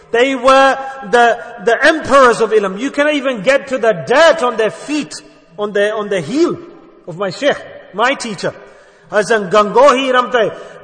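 A man's voice: very high-pitched, bright, forceful tone. A man preaching a sermon in an earnest way, often putting rhetorical questions to his listeners. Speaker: Islamic preacher. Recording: long hall reverb.

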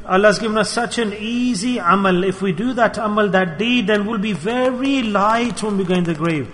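High-voiced male preacher in a reverberant hall. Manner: lively storyteller addressing brothers, acting out quotes. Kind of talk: sermon with storytelling.

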